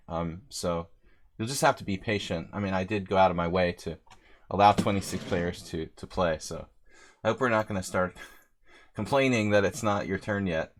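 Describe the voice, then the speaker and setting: Low-voiced man casually chatting while streaming. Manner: rambling, chatty, reads out viewer names. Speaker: chess streamer playing a simul. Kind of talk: casual live-stream commentary. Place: lives in Hungary.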